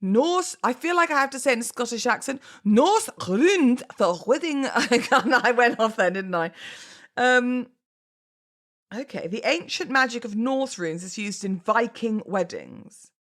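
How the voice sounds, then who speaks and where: A woman's voice: a little high, expressive, normal speed, a bit bright. A woman hosting a casual solo podcast, chatty and oversharing, often laughing at herself and going off on asides. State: pregnant, baby kicking. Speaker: podcast host.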